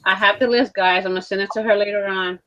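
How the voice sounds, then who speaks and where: A woman moderating a livestream chat, briskly passing viewer comments and requests on to the hosts. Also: mid-range voice, steady tone, a bit bright, dull audio. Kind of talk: casual chat.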